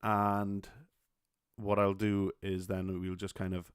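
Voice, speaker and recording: A man's voice: deep voice, monotone, takes it slowly, clean tone, dry recording, studio quality. A young man with a Welsh accent hosting a solo podcast, talking casually with many fillers, restarts and swear words. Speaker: podcast host.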